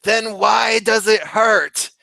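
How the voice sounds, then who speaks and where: A man voicing an injured hospital patient who moans loudly and begs the nurse for more pills. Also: high voice, steady tone, slow, vocal fry, no room sound, pitched above the performer's own voice, full character voice. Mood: moaning. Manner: loud pained wailing. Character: injured man in pain, moaning and demanding.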